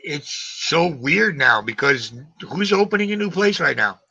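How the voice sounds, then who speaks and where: A man in his forties hosting a live stream, chatting in a rambling, animated way and swearing casually. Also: fairly high pitch, a little slow, creaky, breathy edge. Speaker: livestream host. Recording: dull lo-fi stream audio.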